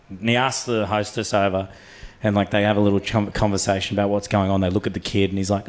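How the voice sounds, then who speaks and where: A young Australian man doing stand-up, telling a story in a casual, sweary, excitable way. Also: fairly low pitch, fairly quick. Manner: excitable, sweary, animated with laughs. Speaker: stand-up comedian.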